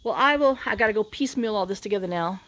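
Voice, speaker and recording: Talking fast in a mid-range, expressive and slightly bright voice, a middle-aged vlogger chats casually to camera outside on rural land. She's exhausted from working in the heat, so she sighs a lot and rambles with plenty of filler words.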